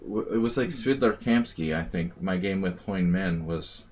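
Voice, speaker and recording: A man's voice: sits low, moderate pace. A man streaming chess and thinking aloud in casual live commentary, teasing his opponent.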